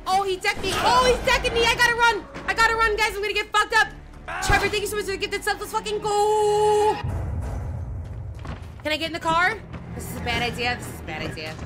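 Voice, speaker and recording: A young adult woman streamer giving loud live commentary on a horror game, swearing often and yelping and screaming. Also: very high voice, a little fast. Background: game music.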